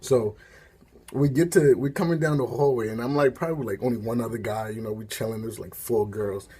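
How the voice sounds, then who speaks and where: Husky-voiced man telling a rambling story. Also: mid-range voice, steady tone, fairly quick, mellow. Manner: rambling, filler-heavy storytelling with asides. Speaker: story time host. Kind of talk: casual storytelling.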